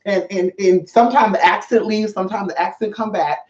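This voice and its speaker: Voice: medium pitch, fairly quick, a little mellow. Vlogger for a spiritual channel, sassy and foul-mouthed, chatty monologue to camera, room echo, a bit dull. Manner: sassy, profane and chatty, addressing viewers as y'all. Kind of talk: casual vlog monologue. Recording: roomy, slightly dull sound.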